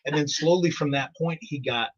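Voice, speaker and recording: A middle-aged man hosts a radio morning show, spinning rambling stories in casual on-air banter and chuckling often. His voice is a little high and his pace moderate, heard through muffled, lo-fi live stream audio.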